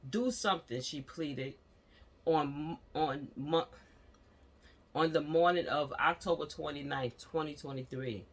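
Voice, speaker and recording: A woman's voice: deep voice, fairly even intonation, slow. A woman vlogger at home, giving impassioned casual commentary on a news story and speaking straight to her viewers with repeated fillers.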